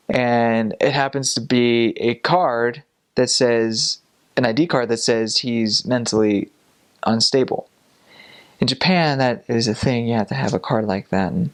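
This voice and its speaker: A young man, a missionary, telling a casual story with animated delivery and frequent laughs. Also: medium pitch, smooth. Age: young adult.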